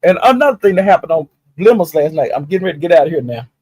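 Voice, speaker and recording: Guy dishing drama, raspy, kinda high voice, cussing and going "honey" a lot. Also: very fast, no room sound. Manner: animated, profane, exclaims "honey" and "child". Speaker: commentator recapping online live-stream drama. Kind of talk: gossipy casual storytelling.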